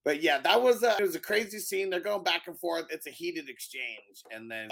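A man co-hosting a podcast, casually retelling movie scenes in an animated way with frequent laughter. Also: on the high side, moderate pace, creaky. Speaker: podcast co-host. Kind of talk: casual movie review chat.

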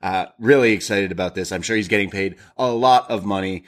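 A man co-hosting a wrestling podcast, talking in an animated, rambling way. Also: on the low side, fairly quick. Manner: animated, many fillers and restarts. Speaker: podcast co-host. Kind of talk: casual chat.

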